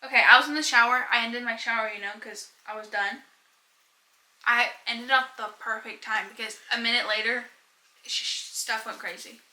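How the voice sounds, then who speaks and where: A woman's voice: on the high side, fairly even intonation, moderate pace, pushed and bright, roomy sound, low-quality recording. A young woman chatting casually about books on a vlog, rambling and giggling as she goes. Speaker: book vlogger. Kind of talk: casual chat.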